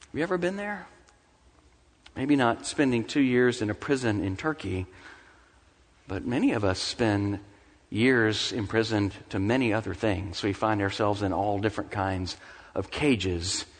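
A man's voice: mid-range voice, slightly rough. A man preaching a sermon with passion, his voice climbing into anguished cries when he voices desperate prayers. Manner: impassioned, rising to anguished cries in quoted prayers. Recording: long hall reverb.

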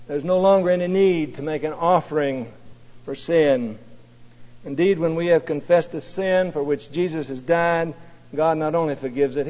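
A man with a high-pitched voice preaches, swelling louder on scripture and falling quiet and low for personal asides. His voice carries a long reverb, like a large hall, and the recording sounds dull and lo-fi. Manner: rising to emphatic peaks on scripture, dropping low and soft for asides. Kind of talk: sermon.

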